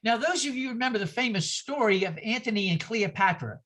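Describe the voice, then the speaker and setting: An older man from New York leads a class over a video call. His voice is bright and ringing, and his pitch swings widely as he talks. He is animated and digressive, slipping into anecdotes and asides. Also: a little fast. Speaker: minister teaching a class.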